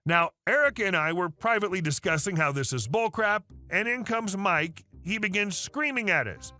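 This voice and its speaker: Guy reading reddit stories, high bright voice, kinda wry and casual. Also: expressive, moderate pace. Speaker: story narrator. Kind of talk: scripted narration of online stories. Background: faint music.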